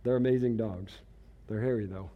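A man's voice: on the low side, moderate pace, dull audio, a little hiss or hum. A man giving a storytelling sermon as a pastor, chatty and self-mocking, laughing at himself.

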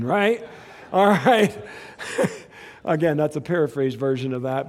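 A man preaching a sermon in a casual, animated way, acting out quotes as he goes. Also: on the high side, slow pace, pauses often. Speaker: pastor.

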